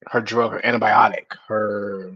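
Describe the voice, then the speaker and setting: A man's voice: lowish voice, little pitch movement, moderate pace, slightly rough, no echo, muffled recording. A man giving casual reaction commentary, blunt and exasperated, with some swearing.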